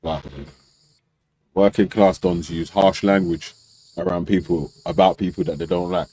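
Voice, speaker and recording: A young man talks in loose street slang on a debate panel. His low voice is mellow and dark, and he laughs often and slips into quick impressions of people. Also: little pitch movement, husky, poor audio. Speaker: debate show host. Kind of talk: casual panel chat.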